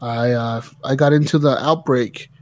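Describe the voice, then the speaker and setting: A man hosting a casual gaming podcast, telling stories in an animated way and swearing a lot. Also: medium pitch, normal speed. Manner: animated storytelling, heavy swearing. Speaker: podcast host.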